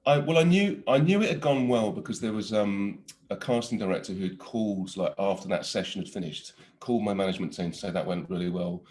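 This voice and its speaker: A man in his forties, an actor telling stories in a casual interview, animated and laughing often with many restarts. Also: fairly low pitch, quick pace, few pauses. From Britain.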